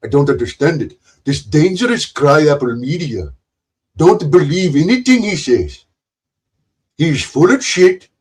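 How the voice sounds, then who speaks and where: A man's voice: a little high, big pitch swings, measured pace, husky, exaggerated voice. A man doing a mocking impression of a boastful, self-pitying man, with a put-on Indian accent in a rambling confessional monologue.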